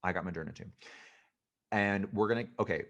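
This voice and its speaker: A man from Canada with a fairly low voice, guesting on a podcast. He chats casually and tells jokey stories with campy flair. He is quick to mock himself. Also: dull audio. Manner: campy, animated, self-mocking storyteller. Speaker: guest comedian.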